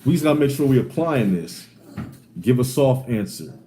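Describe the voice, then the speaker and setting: A man leading a Bible teaching, talking emphatically and repetitively, calling his listeners "man" again and again, moving between loud sarcastic bursts and low asides. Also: expressive, normal speed, slight background noise. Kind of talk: street-style Bible teaching.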